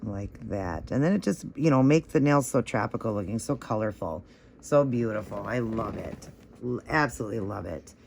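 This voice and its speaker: A man's voice: lowish voice, expressive, moderate pace, gravelly, a little mellow, a little hiss or hum. A man hosting a nail art tutorial, talking through each step in a chatty, encouraging way and gushing over how the results look.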